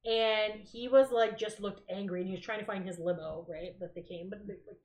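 A woman's voice: mid-range voice, a little fast. A Canadian woman co-hosting a podcast, chatting casually and telling a story with acted-out quotes. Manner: animated storyteller, acts out quotes. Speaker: podcast co-host. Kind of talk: casual chat. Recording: echoey room.

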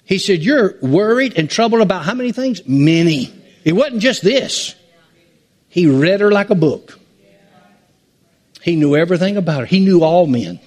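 A man's voice: high voice, animated, normal speed, pauses often, a little mellow. A man preaching a sermon as pastor, drawing out emphatic phrases with sweeping swings in his voice.

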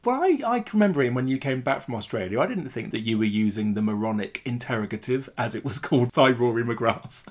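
A man's voice: medium pitch, animated, fast talker, few pauses. A man co-hosting a casual film podcast, enthusiastic and laughing often. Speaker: podcast co-host. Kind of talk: casual film-discussion chat.

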